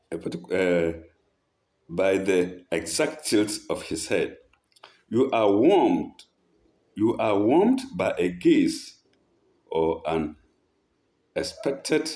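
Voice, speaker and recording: A man with a low, dark voice reads a passage aloud in an unhurried way. He repeats key phrases and stops to explain them, and his pitch rises and falls a lot. The delivery sounds like a teacher talking a group through a text. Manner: breaks off to mimic speakers in a raised voice. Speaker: religious teacher. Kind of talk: reading aloud and commenting.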